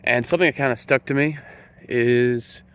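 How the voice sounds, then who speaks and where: A man giving an earnest preaching monologue to camera, slow and emphatic, leaning on key words. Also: mid-range voice, fairly bright tone, clean tone. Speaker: Christian speaker.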